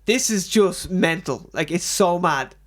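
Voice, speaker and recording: Irish podcast co-host, young man, high-pitched, crude banter, slips into mock voices. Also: animated, a little slow, a bit bright. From Ireland. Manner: crude, joking, acts out others' voices. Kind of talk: casual chat.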